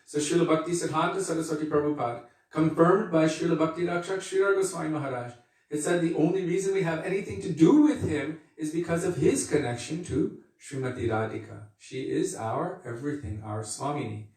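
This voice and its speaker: A man giving a devotional lecture as a spiritual teacher, earnest and unhurried, repeating key phrases for emphasis. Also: a little high, a little mellow. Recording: echoey and distant from the mic.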